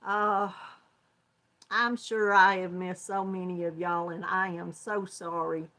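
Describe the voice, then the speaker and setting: A woman's voice: fairly low pitch, flat delivery, takes it slowly, pushed and bright. An older woman with a Southern American accent, hosting a casual crochet livestream and chatting folksily with viewers, often laughing. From Georgia, US South. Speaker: crochet channel host.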